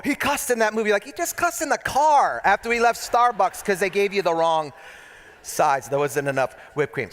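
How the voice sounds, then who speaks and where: High-voiced joking pastor in an echoey hall. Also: male voice. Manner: joking, storytelling, talks to the crowd with asides. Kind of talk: humorous sermon. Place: church hall. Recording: long church hall echo.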